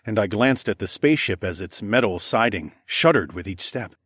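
Low-voiced man narrating calmly. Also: normal speed, slightly rough, no room sound, studio quality. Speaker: audiobook narrator. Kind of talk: first-person audiobook narration.

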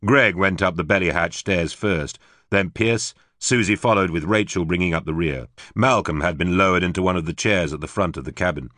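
A man narrating an audiobook in a steady, even storytelling manner. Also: low voice, brisk, no echo, clean studio sound.

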